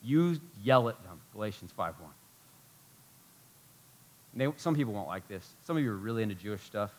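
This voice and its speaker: A man preaching a sermon as pastor, animated and emphatic, full of rhetorical questions. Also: on the low side, moderate pace, slight background noise.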